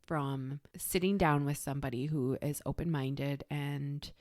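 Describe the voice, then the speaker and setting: A woman co-hosting a casual chat podcast, easygoing and agreeable, often trailing off softly. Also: low voice, steady tone, measured pace, dry recording, clean studio sound. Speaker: podcast co-host.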